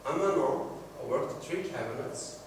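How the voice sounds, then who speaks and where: A man's voice: medium pitch, expressive, moderate pace, noisy background. Man, echoey distant room sound. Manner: storytelling, acts out quoted dialogue. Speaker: sales trainer. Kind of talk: classroom workshop talk. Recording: very echoey room, mic far off.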